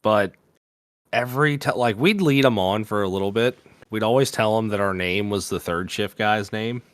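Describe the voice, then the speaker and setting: Low-voiced laid-back male podcast host. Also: moderate pace, clean tone, no room sound, studio quality. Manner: loose, laid-back storytelling with fillers and swearing. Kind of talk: casual chat, storytelling.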